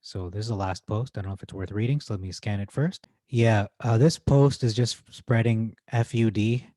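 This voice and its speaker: Male host in his thirties, rambling stock-talk commentator, warm mellow voice, dry close sound. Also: on the low side, normal speed, dry recording. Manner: excitable, rambling, self-correcting. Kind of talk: casual stock commentary reading forum posts.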